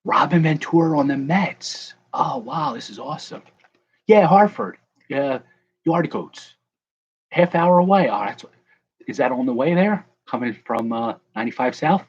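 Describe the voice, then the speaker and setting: A man's voice: fairly high pitch, expressive, unhurried, breathy edge, highs cut off. A young man casually chatting with viewers on a livestream while he opens card packs, joking and calling out people in the chat by name. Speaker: card breaker livestream host.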